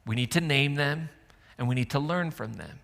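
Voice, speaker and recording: Bright-voiced pastor preaching in a big hall. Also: male voice, medium pitch, moderate pace, creaky. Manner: conversational, joking with the congregation. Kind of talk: sermon. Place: church auditorium. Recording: church hall reverb with faint music.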